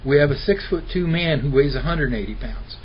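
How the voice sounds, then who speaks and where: A man's voice: on the high side, fairly quick. A middle-aged man telling stories in an interview, argumentative and mimicking the people he quotes. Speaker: interview guest. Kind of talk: impassioned personal storytelling. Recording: dull lo-fi recording with faint hiss.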